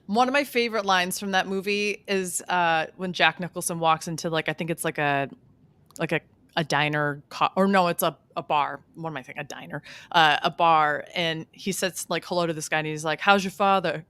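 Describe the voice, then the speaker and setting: A woman's voice: low-pitched, steady tone, fairly quick, fairly bright tone, smooth. A woman in her thirties, co-hosting a podcast, who chats and explains at length with lots of fillers. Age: 30s. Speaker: podcast co-host. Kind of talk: casual chat.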